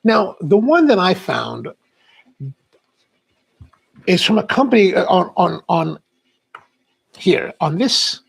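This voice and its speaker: A man's voice: high voice, sing-song, takes it slowly, gravelly, long pauses, breathy edge. A middle-aged man hosting a casual livestream, chatting in a rambling, storytelling way. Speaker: livestream host.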